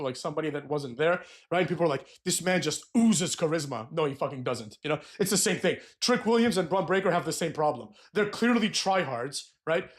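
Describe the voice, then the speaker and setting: A man ranting about wrestling promos, blunt and profane, and he keeps tagging his points with "right?". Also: a little high. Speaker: wrestling commentator. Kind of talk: opinionated rant.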